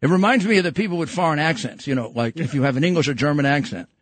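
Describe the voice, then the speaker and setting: A man's voice: on the high side, expressive, rapid-fire, no room sound. An older man with a New York accent hosting a podcast, rambling and joking with lots of fillers and restarts. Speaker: podcast host. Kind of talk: casual political talk show chat.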